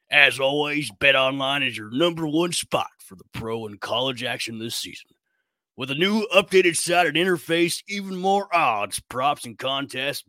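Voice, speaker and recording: A man putting on the voice of a hyped-up, gravelly male pro-wrestler announcer to read a betting promo. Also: medium pitch, bright, forceful tone, no echo. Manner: over-the-top growling promo read. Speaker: ad reader.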